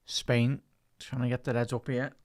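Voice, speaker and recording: A man's voice: medium pitch, level tone, moderate pace, a little mellow, dry recording, clean studio sound. A man doing live football commentary on a stream, chatting with his viewers between bursts of play-by-play that lift on attacks. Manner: rises and speeds up on attacking moves. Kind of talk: casual live match commentary.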